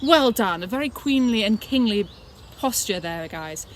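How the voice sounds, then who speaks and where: A woman's voice: on the high side, expressive, normal speed. A woman leading a children's church lesson outdoors in woodland, talking to the kids in a playful, encouraging way. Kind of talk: children's activity lesson and storytelling. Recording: outdoor recording with birdsong behind.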